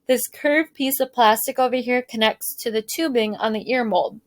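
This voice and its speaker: A woman's voice: a little high, normal speed, dry recording, lightly acted. A woman reading aloud, voicing a friendly, joking male ear doctor who reassures a young patient. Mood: explaining.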